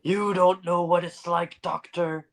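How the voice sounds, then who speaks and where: A man voicing a delirious, dying male poet with a trembling, rasping voice, speaking slowly and pleadingly in a dramatic story reading. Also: sits high, level tone, a bit bright, pitched above the performer's own voice. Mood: desperate.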